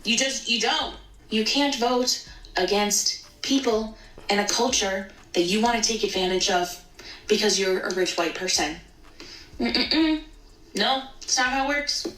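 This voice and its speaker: A woman's voice: mid-range voice, unhurried, a bit bright. A woman delivering an emphatic, indignant social media rant, hammering her points with repetition. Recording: echoey room, voice far from the mic.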